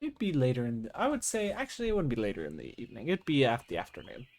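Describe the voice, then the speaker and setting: A young man running a tabletop game as game master, with animated, jokey narration. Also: mid-range voice, fast, creaky.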